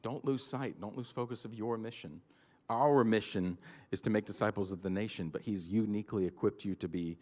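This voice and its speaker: Man preaching in a reverberant hall. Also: low voice. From Georgia, US. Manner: casual, storytelling, filler-heavy. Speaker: pastor. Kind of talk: sermon. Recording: long church-hall reverb.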